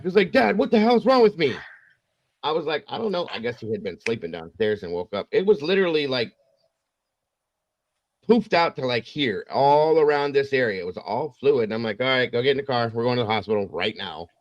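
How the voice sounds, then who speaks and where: With a medium-pitched voice at a slightly fast pace, this true crime livestream host rambles casually and acts out the quotes of people in his stories. The recording is lo-fi, with no room sound.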